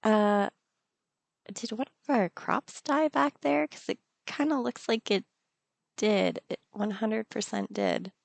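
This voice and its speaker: A woman's voice: medium pitch, expressive, takes it slowly, creaky, no room sound. Giggly woman playing a cozy game. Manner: playful, giggly, talks to the game. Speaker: gaming channel host. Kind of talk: casual let's-play commentary.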